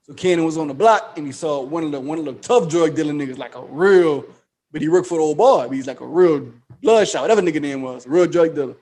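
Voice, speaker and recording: Man retelling a TV plot, slangy and animated. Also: fairly high pitch, quick pace. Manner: animated storytelling, acts out quoted dialogue; slangy, profane. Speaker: podcast co-host. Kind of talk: casual podcast chat.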